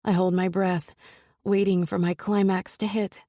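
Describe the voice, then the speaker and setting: A woman narrating a first-person romance audiobook in an intimate, breathy storytelling manner. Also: mid-range voice, little pitch movement, normal speed, mellow, no room sound, clean studio sound.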